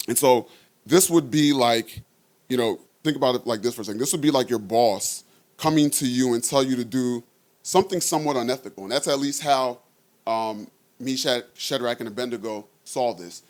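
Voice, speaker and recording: A man's voice: mid-range voice, moderate pace, darkish tone. A man preaching a conversational sermon, reading scripture aloud and often checking in with his listeners.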